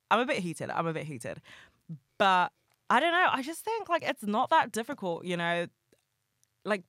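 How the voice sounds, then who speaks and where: A young adult podcast host talks straight to the listener in a loose, heated ramble, swearing freely and leaning on fillers. The voice is bright and forward. The sound is dry and close, with no room around it. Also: medium pitch, dry recording. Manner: chatty and passionate, swears freely, many fillers. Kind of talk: casual solo podcast chat.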